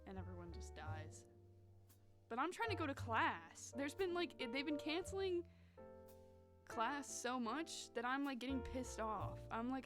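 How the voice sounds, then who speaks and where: A young woman from North Carolina, chatting casually with her live-stream viewers in a sassy, animated way. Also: high-pitched, unhurried. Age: young adult. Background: music.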